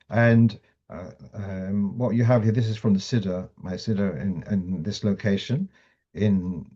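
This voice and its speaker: A man's voice: lowish voice, dark tone, lo-fi sound. A man teaching a class on Jewish law, explaining step by step with restarts and fillers, mixing Hebrew and Yiddish terms into English. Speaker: Torah teacher.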